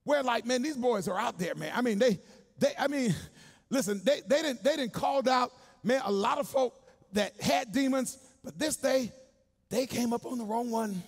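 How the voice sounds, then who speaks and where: A male pastor preaching a sermon in a church, colloquial and call-and-response, swinging from hushed asides to shouting. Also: very high voice, moderate pace, gravelly.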